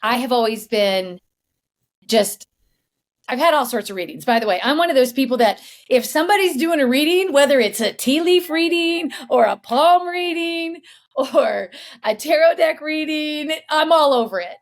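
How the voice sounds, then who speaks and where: A woman hosting a podcast, telling a story in a chatty, animated way and laughing as she goes. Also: sits high, moderate pace. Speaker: podcast host. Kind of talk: casual storytelling.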